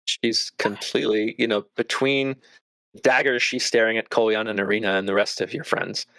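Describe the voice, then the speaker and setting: A male game master narrates a tabletop game in a loose, searching way. His voice is gravelly at a middle pitch. The sound is close and dry. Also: fairly even intonation, moderate pace, pushed and bright, no echo.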